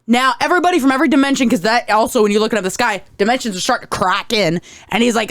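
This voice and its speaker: A woman co-hosting a casual movie chat who retells scenes with animated, acted-out quotes. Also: fairly high pitch, fast talker, no room sound, studio quality. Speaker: co-host.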